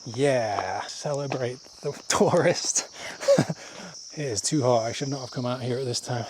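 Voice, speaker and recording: A man's voice: medium pitch, normal speed. A man narrating a walking vlog outdoors, a bit out of breath from the climb. He rambles in self-deprecating asides and laughs often at his own jokes. Faint insect noise hums under his voice. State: out of breath while walking uphill. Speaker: travel vlogger. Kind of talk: casual walking vlog monologue. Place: outdoors on village paths.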